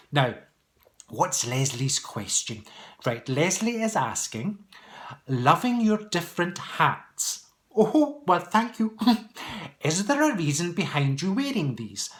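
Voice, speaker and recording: A man's voice: fairly high pitch, a bit bright. A middle-aged man answering viewer questions in a casual vlog, chatty and playful, laughing often and teasing his viewers.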